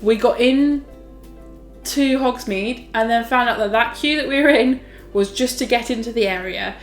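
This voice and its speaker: A woman's voice: a little high, moderate pace, reverberant, soft background music. A young woman, telling stories casually as a vlogger, chatty and full of fillers. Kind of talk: casual storytelling.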